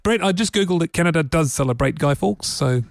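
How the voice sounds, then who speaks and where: A chatty man with a New Zealand accent co-hosts a tech podcast, his voice sitting fairly high. He rambles, restarts his sentences and laughs often. The sound is dry and close. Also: animated, fairly quick, dry recording. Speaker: podcast co-host. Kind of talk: casual tech podcast chat.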